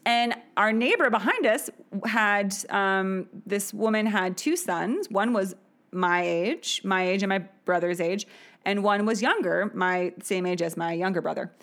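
Speaking at medium pitch, a little slowly and with a slightly bright tone, a woman in her thirties tells a personal story on her podcast. Her manner is chatty and frank, punctuated by laughs and many fillers.

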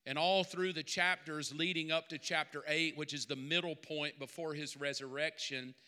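A man preaches a sermon, easygoing at first and then rising into emphatic, forceful peaks. His voice sits a little high and rings smooth and resonant. Long reverb carries it through a big church hall. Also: fairly even intonation, moderate pace. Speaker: pastor.

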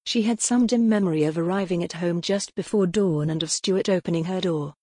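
Reading scripted audiobook text in an even, measured manner, the woman's voice falls on the low side. It's a dry recording.

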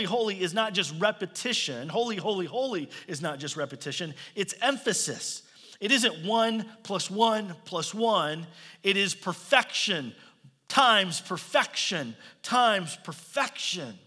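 A man's voice: high-pitched, bright, forceful tone, long reverb tail. A man preaching a sermon as pastor, building to emphatic declarations.

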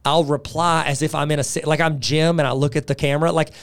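A man's voice: on the high side, little pitch movement, quick pace, clean tone, dry recording. A man co-hosting a comedy podcast, telling rambling joking anecdotes in casual chat. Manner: jokey storyteller, rambling anecdotes. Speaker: podcast co-host.

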